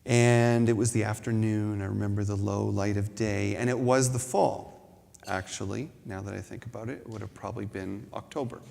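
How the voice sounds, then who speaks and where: A man's voice: fairly low pitch, fairly even intonation, normal speed, gravelly, darkish tone. A man giving a reflective spiritual talk, telling a personal story with self-deprecating humor. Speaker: spiritual speaker. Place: large hall at a spiritual center. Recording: long reverb in a hall.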